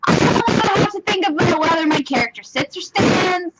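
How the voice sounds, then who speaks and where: High-voiced blunt woman, noisy mic. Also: normal speed, hardly any pauses. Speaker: podcast panelist. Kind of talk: casual panel chat.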